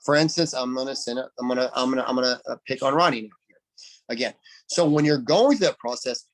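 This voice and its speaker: A man leading a team call, coaching in an energetic, emphatic way and repeating phrases for stress. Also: mid-range voice, fast talker. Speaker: network marketing team leader. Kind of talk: coaching talk on a group call.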